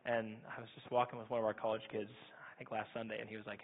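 A young man preaching a sermon as pastor, quick and energetic, often asking "right?". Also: on the low side, husky. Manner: fast-talking, energetic, repeats "right?". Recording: tinny phone-like sound.

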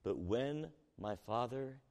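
A man preaching as a pastor, reading scripture and asking the room questions, his voice alternating between quiet reading and loud emphasis. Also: mid-range voice, animated, slow, long reverb tail.

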